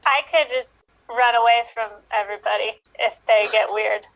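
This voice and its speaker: A woman's voice: on the high side, steady tone, moderate pace, creaky, a bit bright, dull audio, slight background noise. A woman playing in an online improv comedy show, easygoing and giggly. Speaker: improv player. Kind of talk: casual improv chat.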